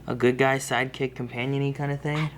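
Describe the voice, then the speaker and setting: A man's voice: mid-range voice, flat delivery, quick pace, a little hiss or hum. A man co-hosting a reaction video, talking casually and rambling as he thinks aloud.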